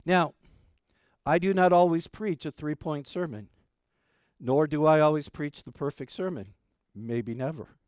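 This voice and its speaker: A middle-aged pastor preaching an Easter sermon, folksy and animated when telling stories, soft and gentle in prayer. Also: male voice, on the high side, unhurried, pauses often, smooth, no echo, clean studio sound. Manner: folksy, animated storytelling with jokes.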